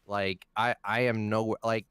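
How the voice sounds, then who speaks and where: A man's voice: on the low side, flat delivery, measured pace, fairly bright tone, clear, resonant tone, dry recording. A man being interviewed as a content creator, speaking in a laid-back, blunt way with casual swearing.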